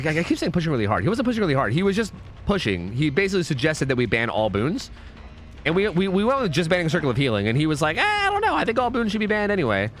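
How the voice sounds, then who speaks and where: A man's voice: fairly high pitch, fairly bright tone. A young man streaming a game, talking casually and rambling with his viewers, swearing freely.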